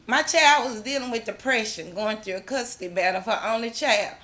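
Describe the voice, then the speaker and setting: A middle-aged woman speaks briskly in a fairly bright voice on the high side. At an awards ceremony she shares a fervent personal testimony as a mother, with religious phrasing, lots of repetition, and frequent restarts.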